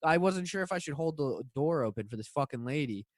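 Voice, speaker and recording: A man's voice: a little high, expressive, a little fast, no room sound, studio quality. A man co-hosting a casual podcast, telling a story hesitantly with many fillers and swearing. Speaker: podcast co-host. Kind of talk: casual chat.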